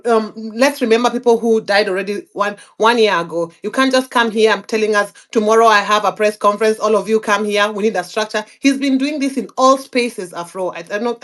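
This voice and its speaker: Woman, polite but pointed, mid pitch. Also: fairly bright tone. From Kenya. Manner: apologetic yet pointed. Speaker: speaker.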